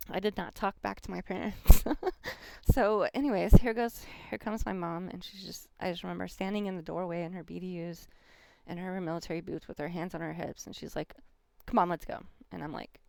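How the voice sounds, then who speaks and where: Tarot reader, woman, middle-aged, smooth but gravelly delivery, dry close sound, animated storyteller. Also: on the low side, dry recording. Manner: animated storyteller, acts out quoted voices. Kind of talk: personal storytelling to viewers.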